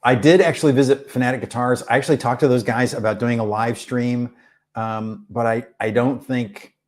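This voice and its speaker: A man who runs a music channel answers viewer questions on a live stream from a rented room abroad, chatting casually and rambling in a relaxed way with many fillers. He speaks at medium pitch and normal speed.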